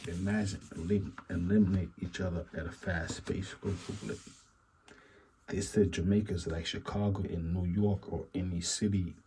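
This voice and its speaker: Low-voiced man musing rambly commentary. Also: fairly even intonation, normal speed, mellow, a little hiss or hum, low-quality recording. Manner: rambling, repeats stock phrases, musing asides. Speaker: commentary channel host. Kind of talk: casual reaction commentary.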